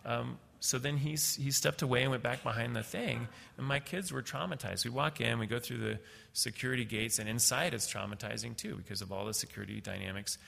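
Gravelly middle-aged man telling a story. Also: mid-range voice, sharp tone, big-room sound. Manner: halting, many fillers and restarts. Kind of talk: personal storytelling.

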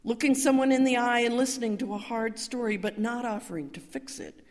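A woman's voice: fairly high pitch, a little fast. Older woman preaching in an echoing hall. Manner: calm storytelling, building to emphatic cries. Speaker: minister. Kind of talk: sermon. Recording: reverberant hall.

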